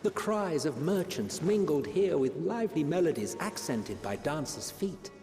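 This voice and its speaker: Brief: grand storyteller for a fantasy game, lively pitch, echoing hall reverb. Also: male voice, normal speed. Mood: solemn. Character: solemn male storyteller narrating a fantasy game. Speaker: game narrator. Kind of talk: scripted narration. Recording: echoey hall reverb with faint music.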